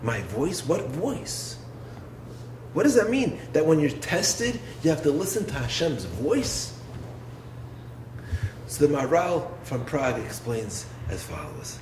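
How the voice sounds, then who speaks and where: A rabbi and yeshiva head with a fairly high voice gives a Torah lecture at a measured pace, expressive and full of rhetorical questions. His delivery dips into low, hushed lines, then rises to lifted, emphatic ones. The recording is roomy and echoey, with a faint background hiss.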